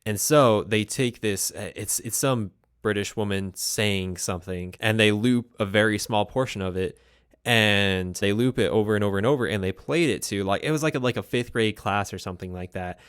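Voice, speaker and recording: A low-voiced man hosts the show and explains ideas in a loose, rambling way, stopping to correct himself mid-thought. The recording is close and dry, with no room sound. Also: moderate pace, clean tone, no echo. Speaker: host. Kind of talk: casual teaching chat.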